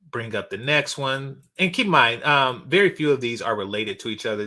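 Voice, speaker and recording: A man's voice: lowish voice, sharp tone. A man hosting a casual reaction commentary channel, talking bluntly with lots of fillers and restarts. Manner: blunt, rambling, frequent fillers.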